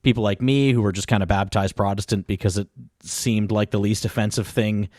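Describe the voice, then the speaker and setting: A man's voice: fairly low pitch, steady tone, a little fast, darkish tone, no room sound, studio quality. A man co-hosting a podcast, explaining history in a rambling casual chat full of asides. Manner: rambling, with many fillers and asides. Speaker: podcast co-host.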